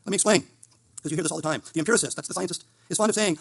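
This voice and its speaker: A man giving a formal, gently ironic closing statement at a debate event. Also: high-pitched, rapid-fire. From Italian heritage.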